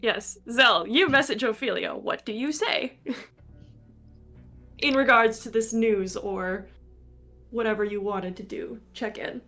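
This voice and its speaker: A woman narrates as game master, speaking slowly and deliberately. Her voice sits a little high. Faint music sits under her narration. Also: sharp tone. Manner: slow, measured narration with frequent laughs.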